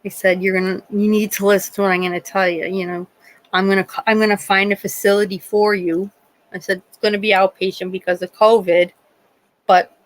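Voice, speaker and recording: A middle-aged woman who works as a nurse, hosting a live stream and telling stories in casual chat, animated and acting out the voices of people she quotes. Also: mid-range voice, no echo, poor audio. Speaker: livestream host.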